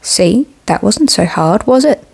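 A woman's voice: medium pitch, animated, a little slow, creaky, darkish tone, husky, exaggerated voice. A woman reading aloud voices a young witch who gives firm orders with dry sarcasm. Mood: sardonic. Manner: firm, sardonic.

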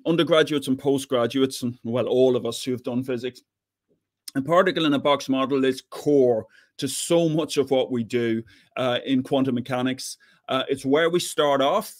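A man's voice: medium pitch, no echo. Middle-aged Irish man, professor lecturing over a video call, conversational with frequent restarts, dry close sound. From Ireland, near the Northern Ireland border. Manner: chatty, repeats words while thinking. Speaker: physics professor giving an invited talk. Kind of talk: online lecture.

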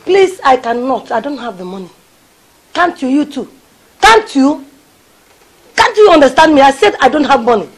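A woman with a Nigerian accent playing a sharp-tongued, resentful stepmother who scoffs and shouts. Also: high voice, sing-song, normal speed. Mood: scornful. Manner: scornful, shouting. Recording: loud film music behind.

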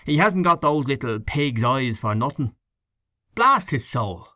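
A man's voice: mid-range voice, very animated, unhurried, pushed and bright, no room sound, studio quality. A man doing a scornful, gossiping canvasser. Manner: scornful, complaining. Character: grumbling gossipy male election canvasser.

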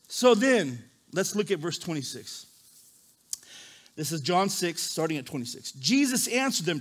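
High-voiced, animated preaching pastor. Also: male voice, measured pace. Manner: animated, swings from quiet reading to loud emphasis. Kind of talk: sermon with scripture reading. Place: church service.

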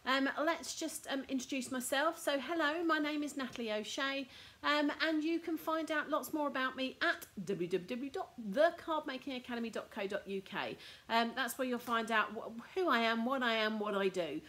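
A woman's voice: sits high, moderate pace, a bit bright. A middle-aged woman from the UK hosting a casual live craft demo, chatty with lots of ums. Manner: chatty, frequent ums, laughs at herself. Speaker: card making teacher and host.

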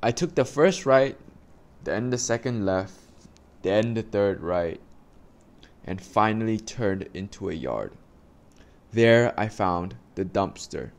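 A man reading a children's storybook aloud slowly and carefully, with small stumbles, then giving his listeners instructions. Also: on the low side, animated, vocal fry. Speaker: reader for a class.

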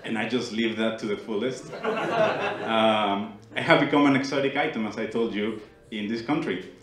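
A man's voice: lowish voice, expressive, normal speed, crowd noise. A young man from Mexico with a Mexican Spanish accent, Spanish as his first language, performing a playful stand-up set and teasing the audience on a small club stage. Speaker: stand-up comedian. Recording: roomy club sound. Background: audience laughter.

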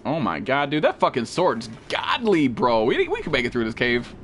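A young man streaming a survival game live, excitable and profane, yelping and shouting at enemies as he plays. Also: mid-range voice, moderate pace, a little hiss or hum. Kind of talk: live gaming commentary. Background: game music.

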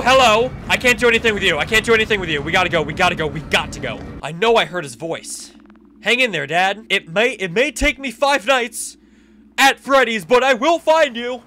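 A young man doing let's play commentary, excitable, reacting loudly and laughing. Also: sits high, slight background noise. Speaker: gaming YouTuber.

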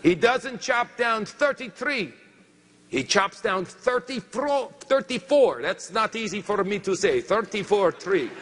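A man doing a slow French lumberjack. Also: high voice, lively intonation, bright, forceful tone, big-room sound, heavily acted. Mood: comic. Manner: halting broken English, searches for words. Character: boastful male French lumberjack, adult. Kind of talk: comic storytelling on stage.

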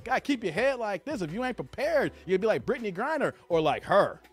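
A man's voice: sits high, big pitch swings, fairly quick, breathy edge, faint music behind. A man hosting a live stream, laughing and teasing as he reads the chat aloud. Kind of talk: casual live stream commentary.

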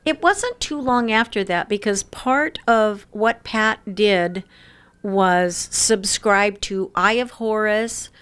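A woman around sixty telling stories in an interview, lively and laughing often. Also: mid-range voice, slow pace, clean tone. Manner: lively storyteller who laughs often and acts out quoted voices. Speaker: interview guest. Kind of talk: casual storytelling interview.

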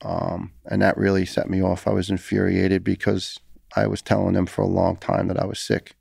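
Podcast guest: man, gravelly low voice, flat delivery, earnest storyteller. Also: moderate pace, no echo, studio quality. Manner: earnest, heated, repeats words when emotional. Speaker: podcast guest, retired firefighter. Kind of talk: casual storytelling interview.

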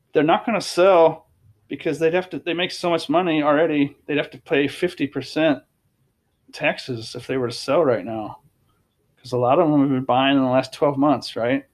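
Male host, slightly higher voice, emphatic casual chart commentary with lots of repetition. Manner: emphatic, repetitive, restarts phrases. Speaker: crypto commentator.

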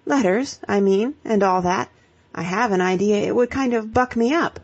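A woman reading an audiobook voices a devoted young gentleman, speaking slowly and haltingly. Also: medium pitch, muffled recording, natural voice. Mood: earnest. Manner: slow, halting, meditative. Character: devoted, dreamy young gentleman, slow-witted.

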